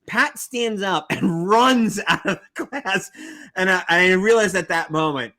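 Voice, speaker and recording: A man hosting a podcast in casual chat, jokey and quick to act out quotes. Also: high voice. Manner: lively, jokey, quotes himself and others. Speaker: podcast host.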